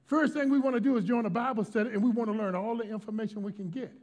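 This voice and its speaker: A middle-aged male pastor from Washington, D.C., preaching a sermon with a notably high voice for a man. His delivery is emphatic and dynamic, moving from shouted lines to hushed storytelling. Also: fairly even intonation, racing.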